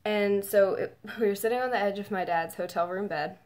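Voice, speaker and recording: A woman's voice: mid-range voice, fairly quick, a little mellow. A woman telling a personal story in a casual, rambling way with many fillers, close to tears and emotional. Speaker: fan telling her story.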